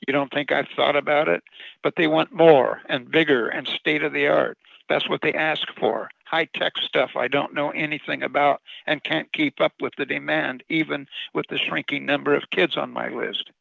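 A gravelly, weary Santa Claus, read by a man. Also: on the high side, steady tone, normal speed, fairly bright tone, no echo, dull audio, voice pushed up, exaggerated voice. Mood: weary, bitter. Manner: sad, tired, complaining. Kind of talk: storybook reading.

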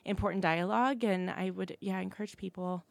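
Woman actor on a radio chat, talks quick, lots of ums, gravelly fry, dry sound. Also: medium pitch, steady tone, no echo. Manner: talks fast, laughs often, many fillers. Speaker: actor in a stage play. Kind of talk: casual radio interview.

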